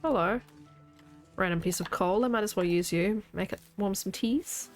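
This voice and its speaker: Faint music plays behind this woman as she streams a game, talking at a normal speed in a mid-range voice. Playful and quick to laugh, she keeps up casual chatter with her viewers.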